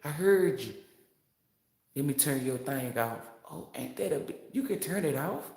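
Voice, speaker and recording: A woman's voice: rumbling low, lively intonation, normal speed, creaky, warm tone, echoey room. A woman giving a casual spiritual monologue as a tarot reader, brash, boastful and profane, laughing often.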